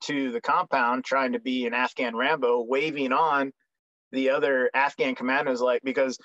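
A man's voice: mid-range voice, steady tone, moderate pace, a bit bright, no room sound. Young vet guy telling war stories, joking around, lots of ums, dry kinda muffled sound. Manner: frank, joking, many ums and restarts. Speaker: guest, military veteran. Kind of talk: casual storytelling interview. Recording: dry, slightly dull recording.

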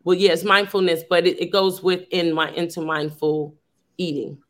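On a video call, a woman with a lowish voice speaks at a moderate pace and a flat delivery. A teacher and youth program founder, she shares earnestly and conversationally for a long time, stumbling through fillers and restarts.

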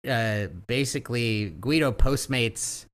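A man's voice: medium pitch, steady tone, slow pace, clean tone. A man co-hosting a podcast, recapping an episode in casual chat and acting out the characters' lines as he retells it. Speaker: podcast co-host.

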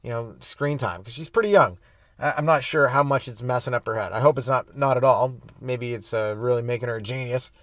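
A young man hosts his own comedy podcast, high and rambling freely from one joke to the next. His voice sits at an ordinary middle pitch. The recording is dry and close, with no room sound. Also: fairly quick, no room sound. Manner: loose, rambling, stoned and animated in bits. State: stoned. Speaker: podcast host.

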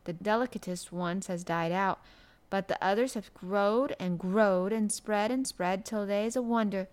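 A woman's voice: medium pitch, unhurried, clean tone, close to an everyday voice. A woman voicing a cheerful country boy with a who talks eagerly and earnestly about plants, in an audiobook reading.

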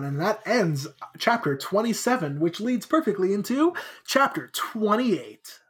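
With a slightly rough, medium-pitched voice and a somewhat slow pace, she recaps a book chapter for a podcast she co-hosts. She keeps it casual and animated, performing the characters' quoted lines along the way.

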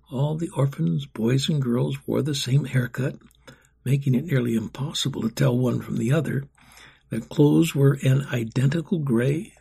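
A man narrating a storybook in a grave, steady telling. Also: medium pitch, creaky, husky.

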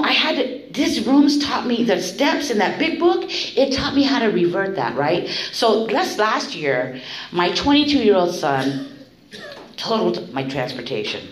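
A woman giving candid spoken testimony at a recovery meeting, blunt and profane, telling her story with animated delivery. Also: mid-range voice, a little slow. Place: meeting room. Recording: echoey room, faint noise.

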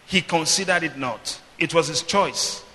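A pastor delivers a sermon in a high, piercing, brilliant voice at an unhurried pace, calling on the congregation to answer back. He swings from booming declarations to calm, quiet teaching. The long reverb of a church hall rings through the audio, with a little hiss or hum.

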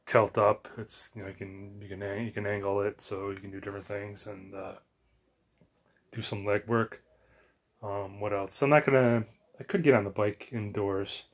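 An American man rambling in a casual monologue at home, sweaty from exercise, full of fillers and restarts. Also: fairly low pitch. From United States. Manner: chatty, meandering, frequent fillers and restarts. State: sweaty and warmed up after exercise. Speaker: vlogger. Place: home bedroom.

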